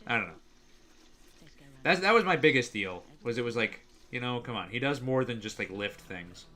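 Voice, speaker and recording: Bright-voiced young man rambling on stream. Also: medium pitch, normal speed. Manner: rambling, heavy use of "like", excitable reactions. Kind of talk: casual reaction stream.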